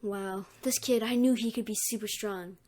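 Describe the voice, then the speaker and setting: A woman's voice: medium pitch, fairly even intonation, normal speed, a little mellow, natural voice. A woman voicing a laid-back old male hero mentor who talks in an offhand, mumbling way. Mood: casual.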